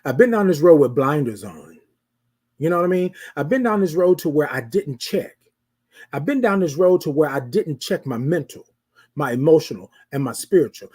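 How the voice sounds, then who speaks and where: Husky host giving a motivational pep talk. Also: mid-range voice. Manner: repetitive, preacherly, asks the audience rhetorical questions; addresses listeners as ladies and gentlemen. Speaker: host of a live show.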